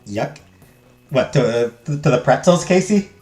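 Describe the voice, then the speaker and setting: Animated young man streaming a game. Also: mid-range voice, takes it slowly. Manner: animated, joking, reads game text aloud. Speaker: gaming streamer. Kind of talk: let's play commentary. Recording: echoey room, faint music.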